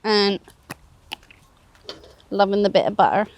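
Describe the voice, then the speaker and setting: In a mid-range voice at a quick pace, with a little hiss or hum, a woman chats casually. She's the co-presenter cooking on the bank, demonstrating how she makes toasties outdoors at a fishing spot and laughing frequently.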